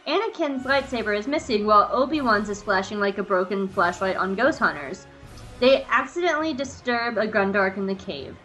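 Bright-voiced woman co-hosting a podcast. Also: on the high side. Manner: animated, acts out characters' lines while recapping. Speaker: podcast co-host. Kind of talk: casual chat with episode recap.

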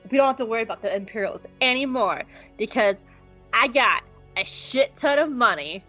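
A woman voicing a restless, defensive young man who talks quickly and stammers, on a dull lo-fi recording. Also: a little high, lively intonation, sharp tone, faint music behind.

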